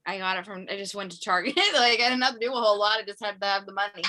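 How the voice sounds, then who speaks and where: A woman student chats casually on a video call, with a bright, crisp voice. Her tone is friendly, and she laughs easily as she speaks. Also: medium pitch, rapid-fire. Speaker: student in a clinical group.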